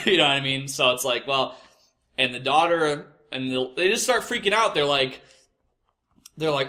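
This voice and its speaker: A man's voice: a little high, normal speed, pushed and bright. A young man telling a crude work story, exasperated and swearing constantly. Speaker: podcast host. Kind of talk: profane storytelling rant.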